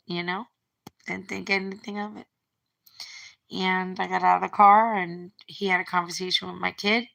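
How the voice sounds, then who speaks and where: A woman's voice: lowish voice, gravelly, sharp tone. A middle-aged woman talking through a breakup on a phone livestream, rambling and repeating her words as she retells what was said. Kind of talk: emotional personal monologue.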